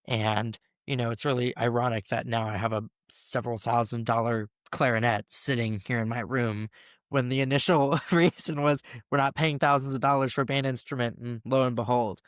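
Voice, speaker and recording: A young man in his twenties talks casually about his school days, often putting on voices for the people he quotes. His voice sits at an ordinary middle pitch. The sound is dry and close, with no room echo. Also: fairly even intonation, fairly quick. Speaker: first-year band teacher, guest. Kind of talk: casual interview storytelling.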